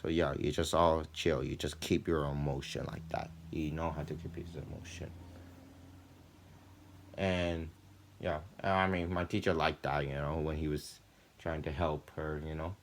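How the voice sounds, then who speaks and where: Low-voiced young man rambling chattily. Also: a little slow. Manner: loose and chatty, full of "like" and "you know"; often animated, with jumps in pitch and volume when retelling. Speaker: student vlogger. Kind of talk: rambling casual storytelling.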